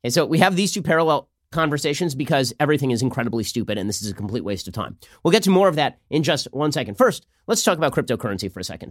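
A man hosting a political commentary show, talking fast with a sarcastic, mocking manner. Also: medium pitch, sing-song, no echo, clean studio sound. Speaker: host.

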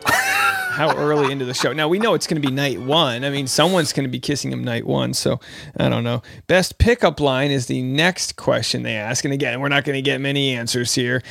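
A man's voice: mid-range voice, big pitch swings, fairly quick, gravelly, a bit bright, faint music behind. A man hosting a podcast, chatting casually and joking between played clips. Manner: joking, chatty, lots of asides. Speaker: podcast host.

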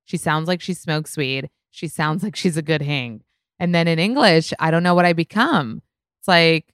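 A woman's voice: deep voice, normal speed, a bit bright, no room sound, studio quality. A young woman with an Israeli accent, a native Hebrew speaker, hosting a solo podcast in a casual, swearing, "like"-filled chat. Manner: chatty, swearing, heavy use of "like". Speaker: podcast host.

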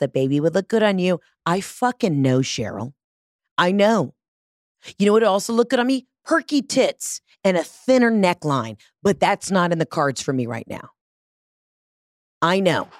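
A woman's voice: medium pitch, dry recording. A woman, hosting her own podcast in a brash, profane, rambling comedic monologue, speaking into a studio mic. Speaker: podcast host. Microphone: studio mic with large headphones.

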